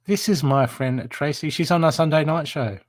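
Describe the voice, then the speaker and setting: A man doing live-stream card readings, talking warmly and repetitively to viewers by name. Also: fairly high pitch, normal speed. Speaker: psychic reader.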